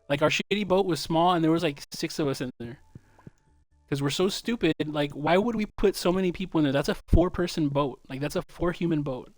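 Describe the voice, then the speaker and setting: Young male streamer, slightly high voice, dry close mic, swears freely in casual chat. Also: fairly quick, no echo. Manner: loose, profane storytelling.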